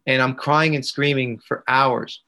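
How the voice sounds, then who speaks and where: A man's voice: mid-range voice, fairly even intonation, measured pace, bright, forceful tone, low-quality recording. A young man, a guest coach, retelling a painful personal experience in an intense, raw and vivid way. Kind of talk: emotional personal storytelling.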